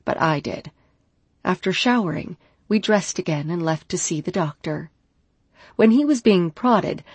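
Woman, audiobook narrator, husky, low voice, slow, dry close recording. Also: dry recording. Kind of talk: first-person audiobook narration.

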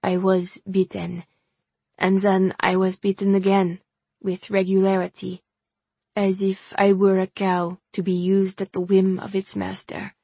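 A woman reading the lines of a tired, frightened man who is a circus clown, speaking weakly in a halting, formal way. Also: mid-range voice, completely flat delivery, gravelly, mellow, slightly rough, dry recording. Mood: weak, haunted. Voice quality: weak voice.

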